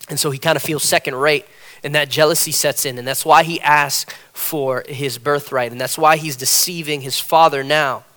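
A man preaching a sermon from a church platform, animated and repetitive, acting out the people he quotes. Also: on the high side, normal speed. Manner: animated, repeats phrases, acts out quotes. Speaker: pastor.

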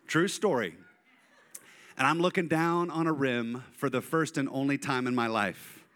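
A male pastor preaching a sermon, telling animated personal stories and speaking directly to his congregation. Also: mid-range voice, a little slow. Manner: animated, storytelling, addresses congregation.

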